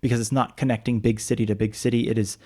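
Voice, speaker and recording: A man's voice: mid-range voice, level tone, quick pace, darkish tone. A man co-hosting a travel podcast, chatting casually and thinking aloud as he searches for words. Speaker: podcast co-host. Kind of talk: casual chat.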